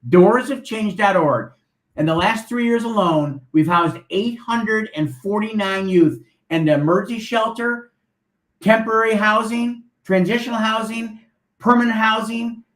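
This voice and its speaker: Earnest high-voiced man from buffalo, roomy echo. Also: unhurried, fairly bright tone. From Buffalo, New York. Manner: earnest, promotional. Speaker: guest, nonprofit founder. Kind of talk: interview talk.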